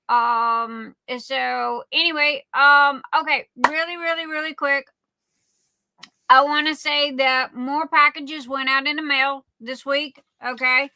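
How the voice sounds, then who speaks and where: On a dry recording, a woman with a high-pitched voice hosts a livestream. She chats her way through warm greetings to viewers by name, calling them darling.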